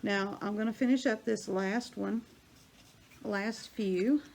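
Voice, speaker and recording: An older woman with a drawl talks casually through a hands-on craft demonstration. She rambles and thinks out loud as she works, in a medium voice, with faint noise behind her. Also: medium pitch, steady tone, slow pace, gravelly. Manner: chatty, rambling, thinks aloud while working. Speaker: crafting vlogger.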